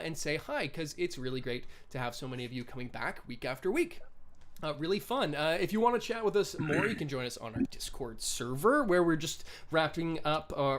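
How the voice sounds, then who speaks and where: A man's voice: fairly high pitch, a little hiss or hum. A man hosting a tabletop game livestream, chatty with many fillers, speaking over a video call. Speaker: game master and host. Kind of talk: livestream host announcements.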